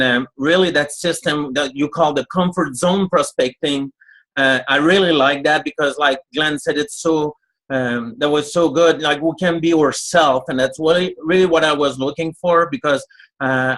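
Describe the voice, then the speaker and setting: A man's voice: on the high side, a bit bright, poor audio. Eager man with a French Canadian accent. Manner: grateful, eager, halting English. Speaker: panel guest. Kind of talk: webinar talk.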